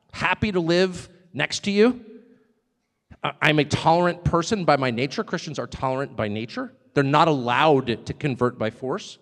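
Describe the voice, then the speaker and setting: A man's voice: on the high side, normal speed. Emphatic man speaking in a reverberant hall. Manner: emphatic, wry asides. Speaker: speaker at a public event. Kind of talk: live political speech. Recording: echoey hall with long reverb.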